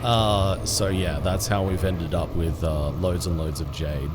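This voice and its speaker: A man with a deep, fairly even voice chats casually with his viewers while streaming a game, and there is background noise. He's laid-back and rambling, often restarting his sentences and laughing quickly.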